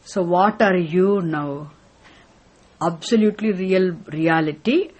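A woman's voice: fairly low pitch, slow, darkish tone. A woman giving a spiritual teaching talk, asking rhetorical questions and then answering them herself.

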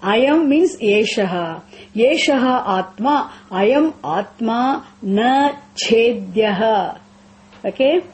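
A woman's voice: on the high side, expressive, slow, darkish tone. A woman teaching a scripture class, repeating phrases, asking rhetorical questions and chanting verses.

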